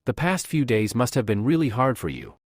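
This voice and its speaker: A man voicing a captive young princess, calm and proud, in a flat read-aloud delivery. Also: mid-range voice, fairly quick, no room sound, studio quality, lightly acted.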